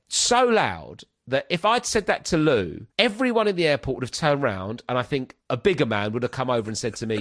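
Chatting casually, a male comedian and podcast host relates a story, bringing it to life by acting out each voice. He talks briskly in a mid-range voice and rarely pauses.

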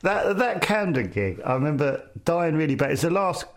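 A man's voice: fairly high pitch, big pitch swings, moderate pace, noisy background. A man, a comedian guest, telling stories in casual chat, swearing freely and laughing.

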